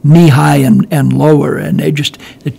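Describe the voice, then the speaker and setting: A man's voice: fairly high pitch, little pitch movement, moderate pace, gravelly, warm tone, slightly rough. An older man, a guest, telling a long war story in casual chat, rambling with many restarts and chuckling as he goes. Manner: rambling, restarts often, laughs while telling.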